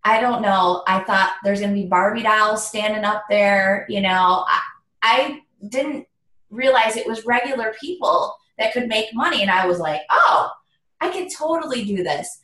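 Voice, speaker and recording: A woman's voice: medium pitch, normal speed, a bit bright, echoey room, poor audio. A woman leading a sales training on a video call, upbeat and motivational, often speaking to her listeners as "you guys.". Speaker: direct sales team leader.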